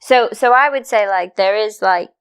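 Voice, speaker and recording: A woman's voice: mid-range voice, clear, resonant tone. An American woman, a yoga teacher co-hosting a podcast, chatting casually with lots of fillers. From United States, the South. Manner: chatty, quick to laugh, lots of "like". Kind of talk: casual chat.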